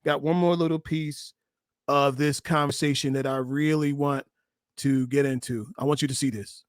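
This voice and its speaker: A man's voice: medium pitch, steady tone, moderate pace, smooth, dry recording, clean studio sound. A middle-aged man, a relationship coach, commenting on a clip for his viewers in an emphatic, preachy way, often restarting his sentences.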